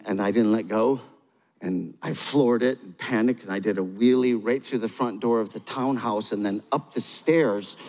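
A man's voice: medium pitch, darkish tone. Man preaching in a reverberant hall. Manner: storytelling, asks the crowd questions, repeats key phrases. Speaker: pastor. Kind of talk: sermon.

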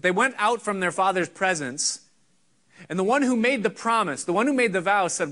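A middle-aged pastor delivers a sermon in an earnest, conversational teaching manner, often pausing. His voice is fairly high for a man and sounds bright and forceful. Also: expressive.

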